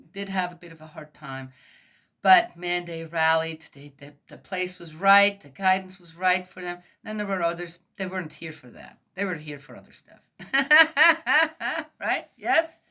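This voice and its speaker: A woman's voice: fairly low pitch, pushed and bright. A middle-aged woman giving a casual, rambling reflection on a Bible passage, often asking "right?" and laughing. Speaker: host of a Bible reflection talk.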